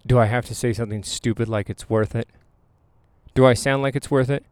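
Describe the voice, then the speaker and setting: A man in his thirties giving a motivational storytelling monologue, emphatic and animated, with dramatic pauses. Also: mid-range voice, clean tone, no room sound. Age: late 20s to 30s. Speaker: photographer and hypnotherapist.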